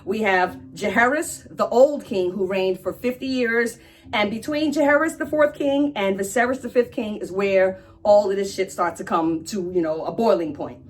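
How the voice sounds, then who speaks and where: A woman's voice: mid-range voice, moderate pace, faint music behind. A woman hosting a casual explainer, chatty and irreverent, who swears now and then. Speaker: pop-culture explainer host.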